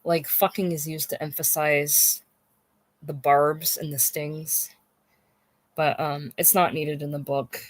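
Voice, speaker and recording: A speaker talks slowly through a long unscripted ramble about a book, stumbling over words and circling back to the same point. The occasional curse lands for emphasis. The recording is close and dry, with no room sound. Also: mid-range voice, level tone, dry recording. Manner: halting, repeats words, swears for emphasis. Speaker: book discussion host.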